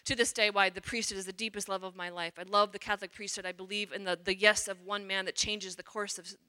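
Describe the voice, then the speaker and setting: A woman's voice: mid-range voice, quick pace. A middle-aged woman, a religious sister, giving a personal testimony talk and acting out the quotes with animation. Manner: animated storyteller, acts out quotes.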